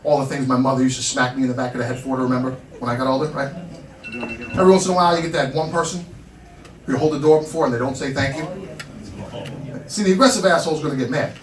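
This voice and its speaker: Fast-talking yet prone to long pauses, this mid-range-voiced comedian in his thirties from Long Island, New York, performs brash, self-deprecating material in a small club. The mic sits at a distance, catching roomy sound and a loud crowd.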